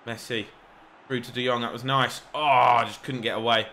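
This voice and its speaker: Excitable young man commentating gameplay. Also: mid-range voice, normal speed, a little hiss or hum. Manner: excitable, rambling and self-mocking, shouts at players. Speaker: gaming YouTuber.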